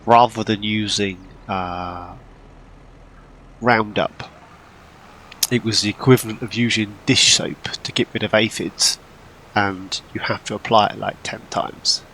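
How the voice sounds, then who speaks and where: A man's voice: lowish voice, fairly even intonation, unhurried, pauses often, sharp tone, slight background noise, rough recording. A man giving casual, rambling commentary while playing a farming game, now and then poking fun at himself. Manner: rambling and self-deprecating. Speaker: gameplay channel host.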